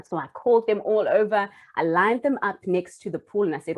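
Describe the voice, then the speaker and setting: A woman's voice: medium pitch, animated, fast, hardly any pauses, a little mellow. A young adult woman and former primary school teacher telling a personal story in an earnest, heartfelt way, with small restarts.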